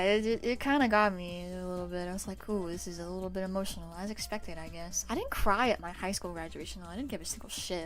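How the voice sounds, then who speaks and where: Laughing, foul-mouthed young woman streamer. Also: mid-range voice. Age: 20s. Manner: loose and profane, laughing often. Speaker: livestreamer. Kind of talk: casual chat with stream viewers.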